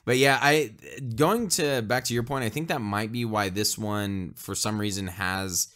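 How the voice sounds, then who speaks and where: A man co-hosts a casual movie review chat in a lowish, bright, resonant voice. He rambles, breaks off and restarts his sentences, and laughs often as he talks. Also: unhurried.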